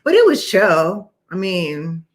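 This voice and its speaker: A woman in her thirties with a New York accent, co-hosting a casual live-stream chat in a chatty, excitable way with quick asides. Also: fairly low pitch. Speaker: co-host.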